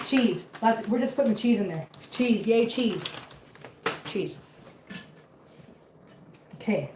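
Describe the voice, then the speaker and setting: A woman's voice: a little high, animated, slow pace, distant mic, background noise. Chatty woman cooking in an echoey kitchen. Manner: chatty, flustered, talks to viewers and her cats. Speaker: cooking vlogger. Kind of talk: casual cooking chat to viewers. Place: home kitchen.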